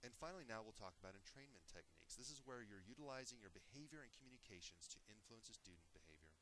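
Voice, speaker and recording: A man in his thirties giving an online crisis response training lecture, calmly counting listeners through breathing exercises. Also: lowish voice, fast, slight background noise, poor audio. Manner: calm, guiding count-along delivery.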